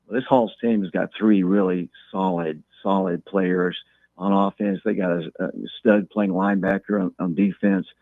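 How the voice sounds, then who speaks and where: A man calling in as a guest, talking football in a measured way and repeating words as he thinks. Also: sits low, steady tone, gravelly, no echo. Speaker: guest talking local high school football. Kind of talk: phone-in interview. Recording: tinny phone line.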